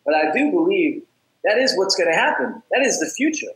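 A man with a fairly high voice tells his story on a podcast with lots of energy, acting out the other people's lines and stumbling over repeated words. The room has a noticeable echo. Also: fairly quick. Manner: energetic, acts out quoted dialogue, repeats words. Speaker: podcast guest, app founder. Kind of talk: casual interview storytelling.

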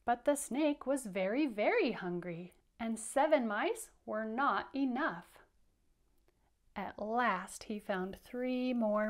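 A woman's voice: a little high, animated, slow. A woman teacher leading an interactive children's read-aloud, patient and encouraging as she counts along with the kids.

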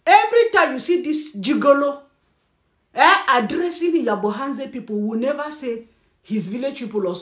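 A Nigerian woman with a high voice and Birom as her first language rants bluntly straight to camera. She scolds, laughs and talks with animation. Her voice rings in an echoey room. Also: lively intonation, normal speed. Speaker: commentary vlogger. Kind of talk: ranting commentary.

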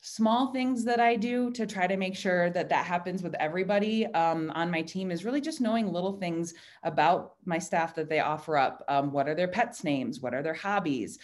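A woman talking casually about leadership on a video call, chatty and animated, quoting herself in lively asides. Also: on the low side, moderate pace, few pauses. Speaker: design director speaking at a virtual happy hour.

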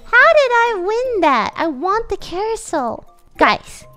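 A woman streamer chatting excitedly and thinking aloud while playing an online strategy game with friends. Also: very high voice, unhurried, soft background music. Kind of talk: casual gaming chat.

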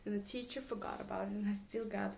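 A woman's voice: medium pitch, fairly even intonation, quick pace, creaky, a little mellow, a little hiss or hum. A teenage girl rambling casually in a home vlog, giggling and mocking herself between thoughts. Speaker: vlogger.

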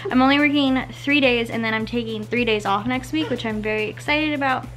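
A young woman vlogging from home, talking into a handheld camera in a loose, rambling way and often correcting herself mid-sentence. Her voice sits fairly high. Soft music plays faintly underneath. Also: a little fast. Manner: chatty, rambling, self-correcting. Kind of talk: casual vlog chat.

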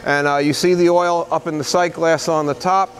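Slightly high-voiced man demoing a machine. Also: steady tone. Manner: plain-spoken, halting, pauses with many fillers. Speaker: used machinery dealer. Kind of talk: unscripted product demonstration. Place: indoor machinery shop floor.

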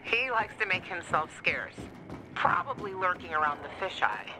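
A wry, cynical gossip. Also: male voice, high-pitched, big pitch swings, moderate pace. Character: cynical man sharing gossip.

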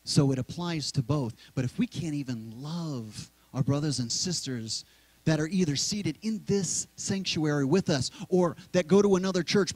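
A middle-aged male pastor preaching in a church sanctuary, talking conversationally and slowly repeating key words. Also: a little high, a little mellow, breathy edge, no echo, low-quality recording. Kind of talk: sermon.

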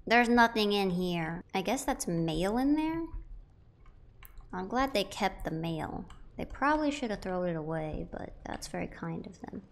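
A woman's voice: medium pitch, animated, unhurried, a little hiss or hum. A young woman giving casual, playful commentary while playing a video game, chatting to the objects she finds. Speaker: let's play gamer.

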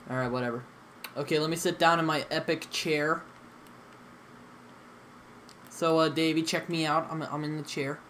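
A man's voice: fairly high pitch, flat delivery, normal speed, pauses often, a bit bright, slight background noise. A young man hosting a gaming session, chatting casually with friends in a rambling, hesitant way full of fillers and restarts. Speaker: gaming channel host.

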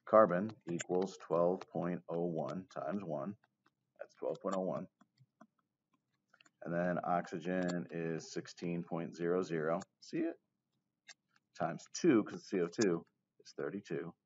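A man's voice: sits low, fairly even intonation, measured pace, slight background noise. A man teaching chemistry in a casual, joking lecture style, often checking in with his class. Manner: casual, jokey asides, keeps checking with "okay?". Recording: dull lo-fi recording.

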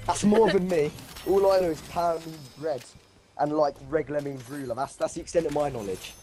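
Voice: medium pitch, fairly quick, loud music behind the voice. A young adult in wry, teasing chat with friends during a game stream. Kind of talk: casual gaming chat.

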